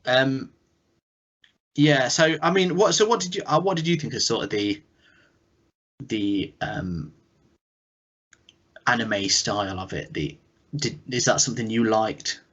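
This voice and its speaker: A chatty English man co-hosting a podcast, rambling through thoughts with plenty of fillers. His voice sits at a middling pitch. The audio is dull and lo-fi. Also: expressive, measured pace, pauses often, a bit bright. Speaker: podcast co-host. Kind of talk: casual chat.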